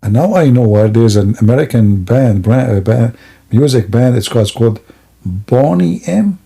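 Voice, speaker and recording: Gravelly, husky man mocking on a stream. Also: medium pitch, lively intonation, normal speed, dark tone. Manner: sarcastic, rambling, laughs at own jokes. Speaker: livestream host. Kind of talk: mocking comedic commentary.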